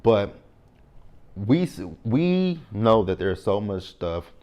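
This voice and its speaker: Male host, 30s, somewhat low voice, talkative recap style, animated asides. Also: slow. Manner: chatty, frequent "right?" asides, animated reactions. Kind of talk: casual TV episode recap.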